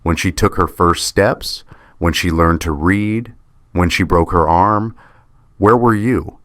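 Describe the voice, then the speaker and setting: Stern female judge, measured and steady, read by a man, very low voice, dry sound. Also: no room sound. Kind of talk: scripted story narration.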